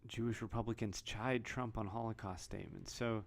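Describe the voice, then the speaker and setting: Gravelly, low-voiced man vlogging. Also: fairly even intonation, normal speed. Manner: rambling, restarts, reads headlines aloud. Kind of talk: casual commentary.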